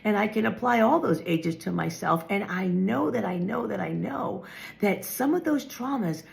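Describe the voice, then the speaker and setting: A woman in her fifties talks earnestly about spiritual matters, with a gravelly, fry-tinged voice at a middle pitch. She is emphatic and often repeats her phrases for weight. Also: lively intonation, normal speed. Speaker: spiritual vlogger. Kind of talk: reflective spiritual talk.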